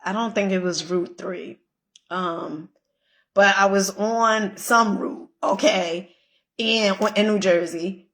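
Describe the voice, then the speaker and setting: A woman's voice: medium pitch, fairly even intonation, slow, fairly bright tone. A woman giving a casual motivational pep talk, emphatic and repetitive, swearing freely and checking in with "okay?". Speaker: motivational vlogger.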